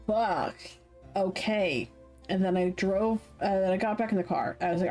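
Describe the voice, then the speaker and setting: A woman's voice: mid-range voice, normal speed, darkish tone, soft background music. A young adult woman streaming a game, chatting casually in a giggly, rambling, self-deprecating way and reading the story aloud. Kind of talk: casual chat while playing a game.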